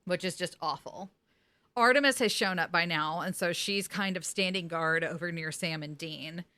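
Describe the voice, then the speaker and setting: A woman podcast host recapping a TV episode in casual chat, animated, laughing often and slipping into impressions. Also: on the low side, normal speed.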